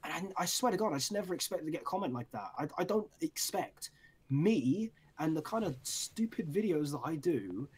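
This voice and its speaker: A man's voice: a little high, expressive, a little fast, darkish tone, slightly rough. Crude, teasing young British man. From Britain. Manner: crude, teasing, laughs often. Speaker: podcast co-host. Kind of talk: casual podcast chat.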